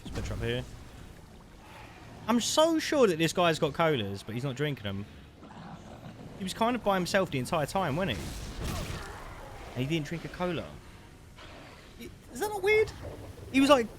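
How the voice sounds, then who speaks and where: An excitable man gives running commentary as he plays, chatty and full of asides to his viewers. His pitch swings widely, rising high whenever the match gets tense. Steady background noise sits under his voice. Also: brisk, pauses often. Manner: excitable, bursts into loud shouts at big plays; chatty, calls the listener mate. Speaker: gaming streamer. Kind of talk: live gameplay commentary. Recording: noisy background.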